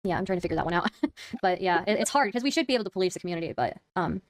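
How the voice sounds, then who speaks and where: A woman's voice: on the low side, animated, very fast, no echo, studio quality. A woman hosting callers on her stream, talking hesitantly with lots of ums and likes. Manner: hesitant, polite, thanks a lot. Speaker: streamer hosting call-ins. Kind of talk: casual chat.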